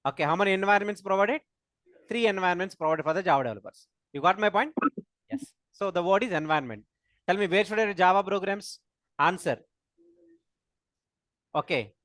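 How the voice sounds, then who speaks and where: A man's voice: high-pitched, a little fast, long pauses, a bit bright, dry recording, studio quality. A man with an Indian English accent teaching a live programming class, quizzing students and repeating key terms. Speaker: programming instructor.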